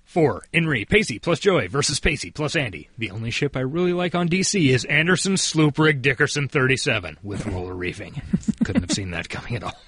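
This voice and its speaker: A man's voice: mid-range voice, fairly quick, slightly rough. A man co-hosting a casual podcast and reading listener mail with dry jokes. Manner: dry, joking, lively. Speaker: podcast co-host.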